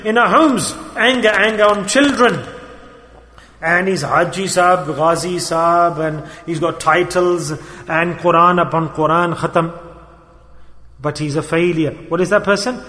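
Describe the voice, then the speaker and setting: A man preaching a sermon in a storytelling style, moving between loud emphasis and quiet asides. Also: sits high, normal speed. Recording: long hall reverb.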